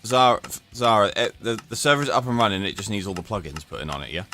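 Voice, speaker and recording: A man's voice: on the low side, fast, bright, forceful tone. A man chatting in an easygoing, informal way as a stream co-host. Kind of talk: casual chat. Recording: noisy background.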